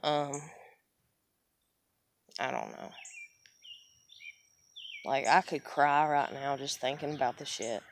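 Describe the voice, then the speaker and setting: A woman's voice: a bass voice, takes it slowly, long pauses, slight background noise. A woman in a casual personal monologue. She talks candidly, swears often, rambles, restarts sentences and keeps saying "you know.".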